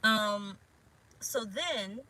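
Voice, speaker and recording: A bright-voiced woman tarot reader talks straight to her viewers in a loose, rambling way. She is frank and swears casually as she speaks. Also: mid-range voice, lively intonation, very slow, rough recording. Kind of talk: casual spiritual vlog talk. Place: parked car.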